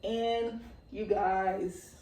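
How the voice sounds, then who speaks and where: Excitable young woman chatting off-mic. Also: mid-range voice, extremely slow, reverberant, recorded from a distance. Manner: excitable, chatty, full of "like" and laughs. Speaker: podcast host. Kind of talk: casual chat.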